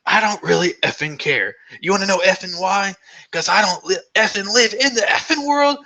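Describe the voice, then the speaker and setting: A man putting on an impression of an actor as a furious man in a profane rant, escalating and shouty. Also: sits high, lively intonation, moderate pace, pitched above the performer's own voice, full character voice, rough recording.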